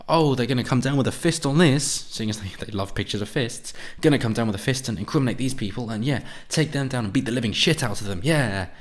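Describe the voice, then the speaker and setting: A man delivering a sarcastic, profanity-laced political rant as a commentator. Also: on the low side. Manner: sarcastic, profane, mocks opponents in put-on voices. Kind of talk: ranting monologue.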